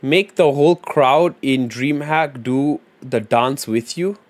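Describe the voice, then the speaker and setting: A man in casual livestream chat, his voice sitting at an ordinary middle pitch. He thinks out loud, trails off into mumbles while reading viewer ideas, and drops slang and fillers freely. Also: slow pace. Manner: loose and slangy, with frequent fillers. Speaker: live streamer.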